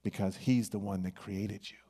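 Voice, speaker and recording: A man preaching a sermon, swinging between hushed, drawn-out phrases and loud, excited bursts. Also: fairly low pitch, slightly rough. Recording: long hall reverb.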